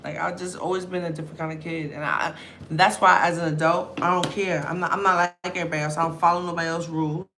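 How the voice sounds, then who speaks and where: A young woman vlogger, chatting loudly and telling stories straight to camera. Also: on the low side, level tone, fast talker, a little hiss or hum. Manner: loud, chatty storyteller. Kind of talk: casual talk to camera.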